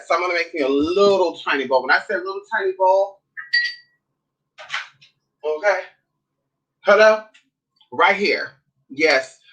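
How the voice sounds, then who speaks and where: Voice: mid-range voice, pushed and bright, rough recording. A vlogger talking in a sassy, blunt, casual way, swearing often and calling listeners honey and girl. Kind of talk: casual chat vlog.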